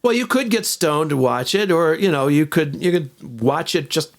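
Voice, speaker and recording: A man's voice: fairly high pitch, lively intonation, moderate pace. A man in his sixties co-hosting a podcast in casual chat, rambling with restarts and fillers. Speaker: podcast co-host.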